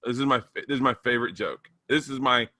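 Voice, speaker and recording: Bright-voiced man telling a rambling story. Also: mid-range voice, fast talker, dry recording, clean studio sound. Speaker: podcast co-host. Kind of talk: casual chat.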